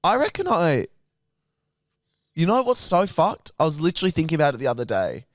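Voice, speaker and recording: A man's voice: fairly high pitch, huge pitch swings, fairly quick, no echo, clean studio sound. A young man, co-hosting a podcast, playful and jokey with silly sound effects. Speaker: podcast co-host. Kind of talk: casual chat.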